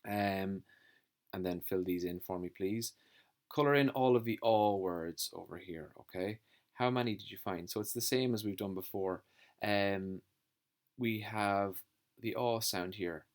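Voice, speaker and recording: A man teaching a phonics lesson to young children, slowly sounding out letters and words. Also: fairly low pitch. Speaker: primary school teacher.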